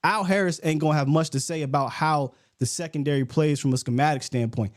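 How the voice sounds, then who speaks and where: A man hosting a sports show, arguing football in a casual, animated way and getting worked up. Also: on the high side, brisk. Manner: animated, gets worked up and loud. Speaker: sports podcast host.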